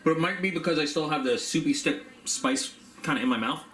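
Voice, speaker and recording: A man's voice: fairly high pitch, a little fast, a bit bright. Chatty man reviewing snacks in an echoey room. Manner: chatty, rambling with fillers, talks while chewing. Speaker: product reviewer. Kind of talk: casual unboxing review. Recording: echoey room, faint background hum.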